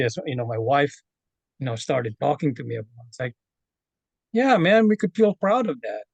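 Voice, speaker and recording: A man from the Philippines with a Filipino accent, sharing a personal story in an online session, earnest and halting with many fillers and restarts. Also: fairly high pitch, creaky, no room sound. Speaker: community member sharing his story. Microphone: video call.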